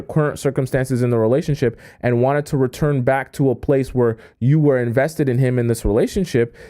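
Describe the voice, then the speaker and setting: Dark-voiced man giving relationship advice. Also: medium pitch. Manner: conversational, repeats "right?" and reads chat comments aloud. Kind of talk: livestream advice talk.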